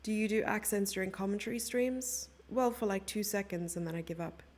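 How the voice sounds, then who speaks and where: A woman's voice: mid-range voice, fairly quick, a little mellow. A young woman commenting on chess live and chatting playfully with her viewers. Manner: chatty, playful, reads out and answers chat.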